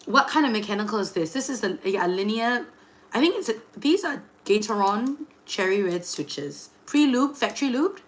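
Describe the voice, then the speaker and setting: A young woman, hosting a casual livestream, chatty and full of fillers, excitedly greeting viewers. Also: mid-range voice, moderate pace. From Singapore. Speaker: livestream host and tarot reader.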